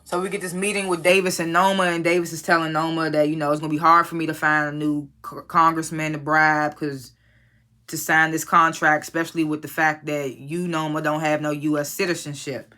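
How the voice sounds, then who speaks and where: A blunt, foul-mouthed reviewer recaps a TV episode in casual chat, dropping loosely acted quotes from the characters. The voice is bright and forceful, and its pitch sits in a middling range. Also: level tone, brisk. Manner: blunt, profane and opinionated; retells scenes, quoting characters in a loose conversational voice.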